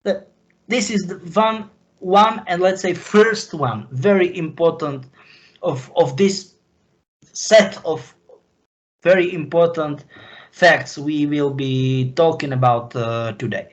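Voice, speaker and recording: A man from Slovakia, speaking as an interview guest in a halting, impassioned way. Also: a little high, low-quality recording. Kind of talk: emotional interview talk.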